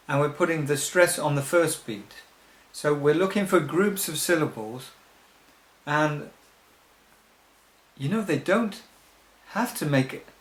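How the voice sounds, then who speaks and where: Slow, patient man teaching songwriting. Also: a little high. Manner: slow, patient, explaining step by step with pauses. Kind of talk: recorded teaching demonstration. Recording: echoey room.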